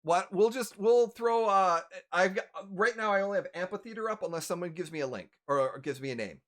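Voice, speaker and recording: Host and game master, male, animated, slightly high voice, chatty sign-off energy. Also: fairly quick. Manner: animated, promotional, rambling fillers. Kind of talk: narrating and wrapping up a tabletop stream.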